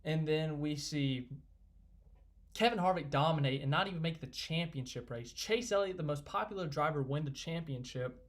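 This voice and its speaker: A young man hosting a casual live stream, rambling excitedly and reading viewer comments aloud. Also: a little high, moderate pace.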